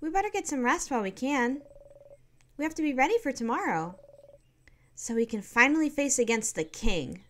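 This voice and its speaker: A woman voicing a cheerful, earnest young female adventurer in a game, bubbly and quick to fret. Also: high-pitched, animated, slight background noise, voice pushed up. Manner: bubbly, then anxious and apologetic.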